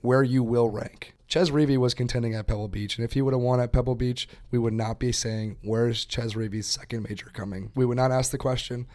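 A man's voice: mid-range voice, steady tone, fairly quick, few pauses, darkish tone. Emphatic man co-hosting a podcast. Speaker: golf podcast co-host. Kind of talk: casual podcast chat.

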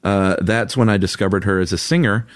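Man, very low voice, casual podcast co-host reading listener notes, dry close sound. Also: a little fast, no echo. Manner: laid-back, chuckling, frank opinions. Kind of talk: casual chat.

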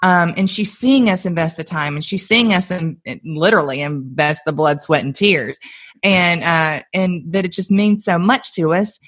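A woman with a lower voice chats as a guest on a conversation show. She tells her stories with animated energy and slips in frequent laughter. Her delivery stays loose and unscripted. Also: normal speed. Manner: animated, laughs often while telling stories. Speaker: guest, mother and entrepreneur. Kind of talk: casual conversational storytelling.

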